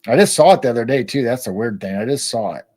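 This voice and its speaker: An easygoing man in his sixties hosts a late-night live stream. He rambles casually from one thought to the next, chuckling as he goes, in a voice of ordinary pitch. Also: lively intonation, fast, darkish tone. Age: 60s.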